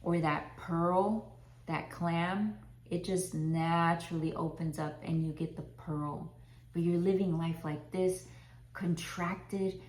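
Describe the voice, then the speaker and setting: Slow, earnest Christian woman. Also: on the low side, a little mellow. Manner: earnest, repeats herself, drawn-out phrasing. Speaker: Christian life coach. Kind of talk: faith talk to camera. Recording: roomy echo.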